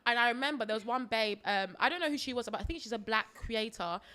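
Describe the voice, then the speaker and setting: Brief: young woman, high and bright, chatty podcast storyteller. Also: fast talker, clear, resonant tone. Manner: animated, laughing, mimics voices in stories. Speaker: podcast co-host. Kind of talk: casual storytelling chat. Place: podcast studio.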